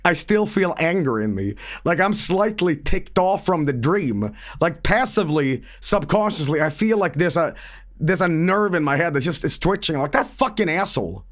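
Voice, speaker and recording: A man's voice: fairly high pitch, animated, normal speed. A man streaming a video game, rambling and profane about a dream and the game. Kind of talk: casual game stream commentary.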